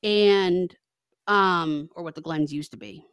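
Animated woman telling a story, dry mic. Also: fairly low pitch, takes it slowly, clear, resonant tone, no room sound. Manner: animated, acts out both sides of phone calls. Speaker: podcast co-host. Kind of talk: casual storytelling chat.

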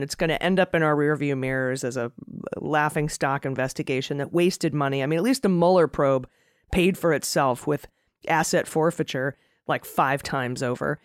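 Wry woman podcast host, smooth dry voice. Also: deep voice, no echo. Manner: wry, sardonic, frequent fillers and laughs. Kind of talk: casual political podcast chat.

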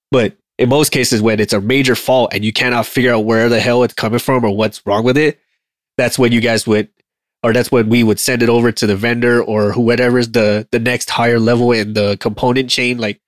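A man's voice: medium pitch, little pitch movement, brisk, no room sound, clean studio sound. A man who works as an aircraft line mechanic, chatting animatedly, swearing freely and laughing often. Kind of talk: casual shop talk.

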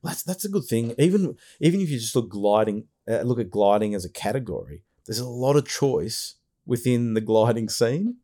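Mellow-voiced podcast host, a man. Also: medium pitch, lively intonation, normal speed. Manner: enthusiastic, rambling with restarts. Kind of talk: casual chat.

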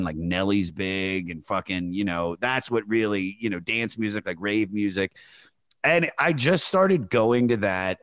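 A comedian chatting casually on a podcast, telling a rambling, animated anecdote full of fillers. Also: male voice, lowish voice, dry recording. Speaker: comedian guest. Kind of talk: casual storytelling chat.

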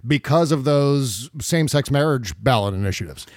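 A man's voice: medium pitch, expressive, normal speed, no room sound, studio quality. A man hosting a podcast in casual political chat, sardonic and freely profane. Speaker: podcast host.

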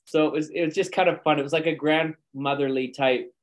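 A man, an actor and speaker, telling lively anecdotes in a podcast interview with frequent chuckles. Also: on the high side, brisk, rough recording. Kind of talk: conversational storytelling.

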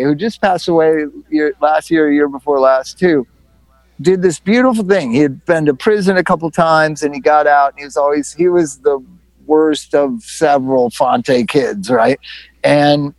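A man's voice: fairly high pitch, dry recording. A man hosting a casual talk, reflecting and telling a long anecdote. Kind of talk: casual conversation.

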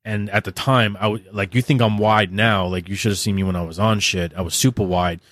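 A man's voice: lowish voice, fairly even intonation, brisk, fairly bright tone, dry recording. A man as a podcast guest, telling candid stories in a blunt, heavily profane, vivid way. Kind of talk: candid interview storytelling.

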